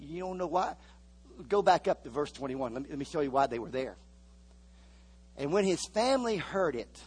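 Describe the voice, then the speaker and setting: Husky-voiced preacher calling for amens. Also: male voice, on the high side. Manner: call-and-response, repeats phrases, asks the congregation for amens. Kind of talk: sermon.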